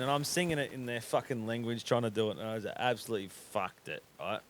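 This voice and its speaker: A man's voice: medium pitch, quick pace, slight background noise. A man with an Australian accent hosting a podcast, telling a rambling, swear-heavy story in casual chat. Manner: swears constantly, animated, drops into quoted voices. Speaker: podcast host.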